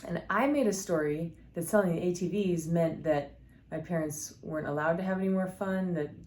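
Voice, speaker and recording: A middle-aged woman with a low, slightly mellow voice shares personal stories alongside scripture, and there's slight background noise. As a scripture storyteller doing personal devotional storytelling, she's earnest and candid, with many fillers and restarts.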